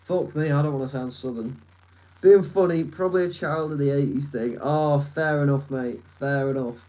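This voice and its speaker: A man's voice: fairly high pitch, normal speed, warm tone, lo-fi sound. A man in his twenties from northern England with a Lancashire accent, rambling and swearing as he answers a live chat. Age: 20s. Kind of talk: casual live stream chat. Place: his room at a desk.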